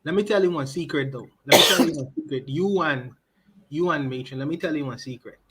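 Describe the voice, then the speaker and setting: A man's voice: on the high side, fairly quick, heavy background noise. Teasing man telling a story. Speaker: podcast guest from the Caribbean. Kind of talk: casual livestream chat.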